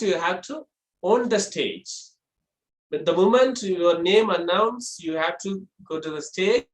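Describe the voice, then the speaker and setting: Trainer in an echoey room. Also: mid-range voice. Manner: explains step by step, asking and answering rhetorical questions. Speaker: public speaking trainer. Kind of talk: classroom lecture.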